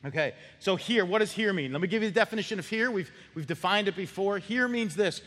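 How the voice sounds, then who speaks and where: Animated preacher man, high lively voice. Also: quick pace. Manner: animated, acts out little scenes with shifting voices. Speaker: pastor. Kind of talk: sermon. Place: church sanctuary. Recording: long church hall reverb.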